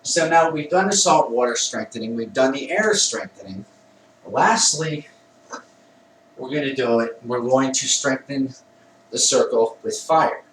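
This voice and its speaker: A man's voice: medium pitch, animated, measured pace, a bit bright, slight background noise. Man explaining a ritual in an echoey room. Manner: plain conversational explaining with self-corrections. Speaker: Wicca priest demonstrating a ritual. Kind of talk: instructional ritual demonstration. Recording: echoey room, mic at a distance.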